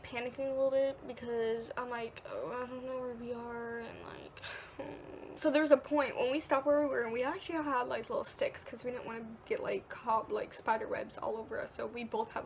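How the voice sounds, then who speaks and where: In this vlog, a teenage girl casually recounts a story with plenty of "like" and acted-out quotes. Her fairly high voice carries some vocal fry, and a little hiss or hum can be heard.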